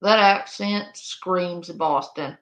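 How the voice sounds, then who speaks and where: A woman's voice: lowish voice, takes it slowly. A woman streamer giving casual live reaction commentary, amused and laughing often.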